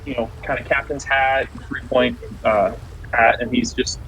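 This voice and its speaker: Halting man running a tabletop game. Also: medium pitch, flat delivery, a bit bright, highs cut off, a little hiss or hum. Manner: halting, many fillers. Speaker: game master.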